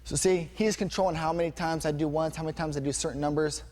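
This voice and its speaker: An energetic male instructor talks through punch combinations, his voice sitting a little high for a man. He calls out every strike as he throws it. The gym around him is noisy, with steady background sound under his words. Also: fast talker. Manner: energetic, punctuates moves with "bang". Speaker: martial arts instructor.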